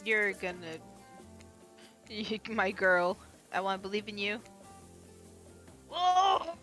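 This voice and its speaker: A woman's voice: mid-range voice, fairly even intonation, slow pace, pushed and bright, faint music behind. A woman commenting casually on a game with a friend, giggly and reactive. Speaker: co-player.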